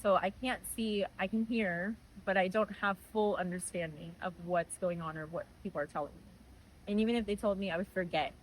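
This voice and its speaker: Young woman, guest, earnest testimony, animated retelling, middle pitch, faint background hiss. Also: fairly quick, poor audio. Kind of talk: personal testimony, conversational.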